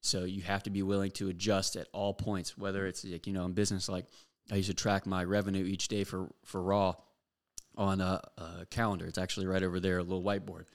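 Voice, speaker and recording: Deep-voiced man, blunt motivational talk. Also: flat delivery, fast. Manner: blunt and profane, with many fillers. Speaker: podcast host. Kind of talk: motivational monologue.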